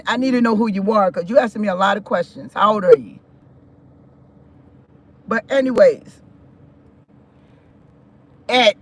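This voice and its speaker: A middle-aged woman hosting a live stream, telling a personal story in a casual, animated way and breaking into preachy asides. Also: on the high side.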